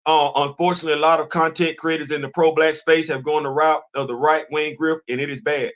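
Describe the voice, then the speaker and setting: Through dull audio, a middle-aged livestream host speaks in a fairly high, steady, brisk voice with a fairly bright tone. His commentary is impassioned, colloquial, and preachy as he responds to his live chat.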